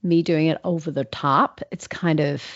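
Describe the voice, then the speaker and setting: A woman's voice: low voice, steady tone, moderate pace. A woman host and voiceover artist chatting casually and reflectively about practising an accent. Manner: chatty, reflective, lots of fillers and restarts. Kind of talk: casual chat. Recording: slightly dull lo-fi recording.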